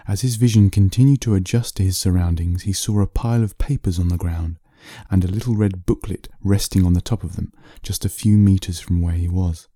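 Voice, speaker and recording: A man reading a bedtime story aloud in a slow, soothing narration. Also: sits low, fairly even intonation, mellow, dry recording, clean studio sound.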